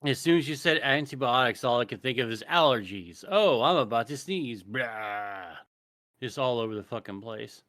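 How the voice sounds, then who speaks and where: Bright-voiced joking podcast guy. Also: mid-range voice, normal speed, no echo, clean studio sound. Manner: swearing, laughing, jokey asides. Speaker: podcast co-host. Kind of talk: casual podcast banter.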